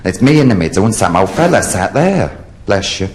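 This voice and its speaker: A man in drag, telling bawdy stand-up jokes on a theatre stage with brash, lively delivery. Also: lowish voice, brisk. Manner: brash, lively storytelling with sudden loud outbursts. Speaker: drag comedian. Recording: live theatre audience, faint hiss.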